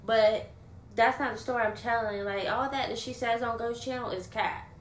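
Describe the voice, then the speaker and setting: A woman's voice: on the high side, fairly even intonation, moderate pace, slight background noise. A young adult woman livestreaming, chatting casually and venting bluntly while she swears freely and thanks viewers. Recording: roomy echo.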